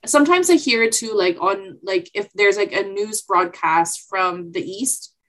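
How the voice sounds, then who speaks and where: A woman guest in a casual podcast chat, animated and quick to laugh, asking eager questions. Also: mid-range voice, low-quality recording.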